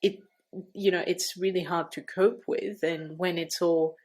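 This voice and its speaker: A woman's voice: lowish voice, fairly even intonation, unhurried, darkish tone. A woman who hosts a podcast as a doula, speaking casually in a reassuring, supportive way. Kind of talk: casual conversation.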